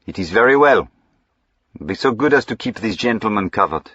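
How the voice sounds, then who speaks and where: A man voicing a suave gentleman highwayman with a French accent, polite, ironic and commanding, in an audiobook reading. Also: expressive, moderate pace, no echo, muffled recording.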